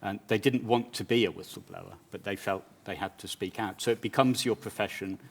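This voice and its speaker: A British man, a journalist interviewing a guest on stage, speaking in a measured, reflective way with some stammered restarts. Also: fairly low pitch, vocal fry. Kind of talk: conference interview.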